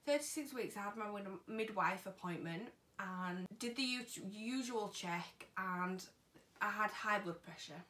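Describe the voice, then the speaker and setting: A woman's voice: mid-range voice, measured pace, bright, forceful tone, recorded from a distance. Chatty woman, echoey room. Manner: chatty, acts out what people said. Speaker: vlogger. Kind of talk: casual personal storytelling. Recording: echoey room, voice a bit off-mic.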